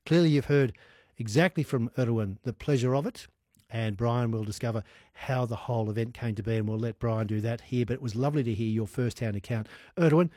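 A man hosting a casual studio radio interview. He is chatty and quick to react. His voice sits mid-range and sounds close and dry on the studio mic. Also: medium pitch, mellow, no room sound. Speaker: radio host.

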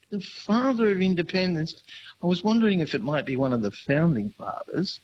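A man's voice: on the high side, very animated, brisk, darkish tone, muffled recording, slight background noise. A man calling in to a radio quiz, rambling and hesitant with many ums. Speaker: caller. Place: phone line.

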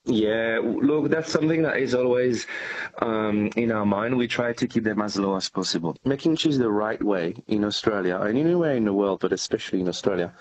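A man's voice: on the low side, brisk, poor audio. A man with a French accent, a cheesemaker answering radio interview questions in an earnest, explanatory way. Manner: earnest, explanatory, with frequent restarts. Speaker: cheesemaker, company director.

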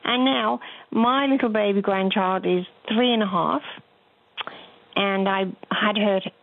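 A woman's voice: mid-range voice, unhurried, creaky, no room sound. An older woman, calling in to a radio show and telling a rambling, chatty story. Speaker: caller. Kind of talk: phone-in chat. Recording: tinny phone line.

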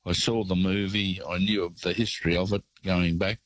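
A man with an Australian accent calling in to a radio show and telling a rambling, relaxed travel anecdote. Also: low-pitched, normal speed, no room sound, muffled recording. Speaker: caller. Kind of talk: casual phone-in storytelling.

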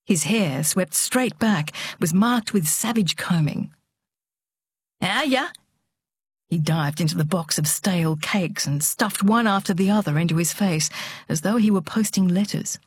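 A woman narrating an audiobook in a steady, measured storytelling voice. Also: lowish voice, breathy edge, no echo.

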